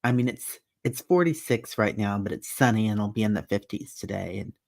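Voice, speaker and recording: Friendly woman guest, lively pitch. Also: vocal fry. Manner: friendly, quick agreeing interjections. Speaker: guest psychic medium. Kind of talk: casual livestream chat.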